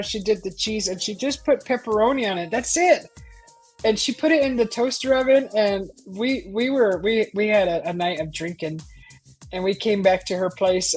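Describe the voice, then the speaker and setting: A middle-aged woman hosting a casual live stream, chatting animatedly and asking her viewers lots of questions. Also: mid-range voice. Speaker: livestream host.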